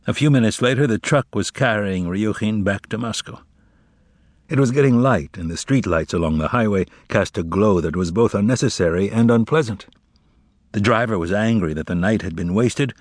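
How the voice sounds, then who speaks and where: A man reading a novel aloud as narrator in a measured, expressive way. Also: fairly low pitch, no echo, clean studio sound. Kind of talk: audiobook narration.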